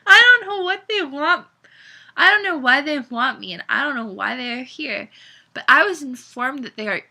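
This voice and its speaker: A woman voicing a frightened, stubborn teenage girl in a storybook reading, with shrill bursts of indignation. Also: moderate pace, vocal fry, bright, forceful tone, exaggerated voice. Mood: anxious.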